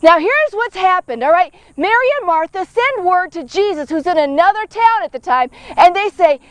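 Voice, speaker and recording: A woman with a very high voice gives a casual devotional Bible teaching. She talks like she is chatting with friends, checks in with her listeners often and acts out the people in the story with drama. The sound is dry and close. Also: animated, moderate pace, few pauses, dry recording. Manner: conversational, checks in often with "okay?" and "all right?".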